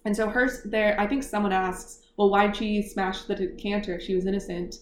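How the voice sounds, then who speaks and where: A woman hosting a casual book club chat, retelling a mystery plot in animated detail and laughing often. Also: medium pitch, normal speed. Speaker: book club podcast host. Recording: echoey room, faint noise.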